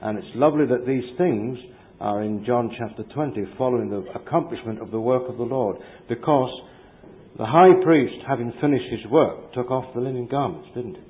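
A man's voice: medium pitch, fairly quick. A man reflecting thoughtfully on scripture in a Bible study discussion. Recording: tinny phone-line recording with faint hiss.

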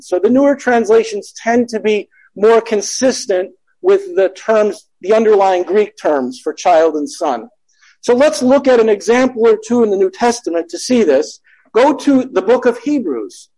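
A man with a notably high voice leads a Bible study. He talks in a relaxed, conversational way, reads passages of scripture aloud and often stops to correct his own wording. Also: low-quality recording. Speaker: Bible teacher.

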